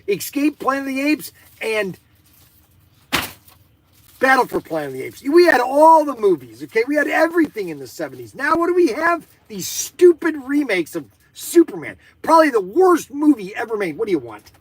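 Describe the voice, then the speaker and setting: A man hosting a live stream in casual chat, rambling and excitable with many fillers. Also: extremely high pitch, moderate pace.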